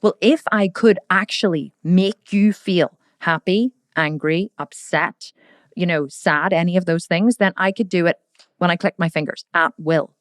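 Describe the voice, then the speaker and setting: A woman hosting a casual motivational podcast, talking straight to the listener in a lively way and acting out voices. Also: fairly low pitch, unhurried, dry recording, studio quality. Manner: lively, addresses the listener directly, acts out quoted voices. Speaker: podcast host and coach.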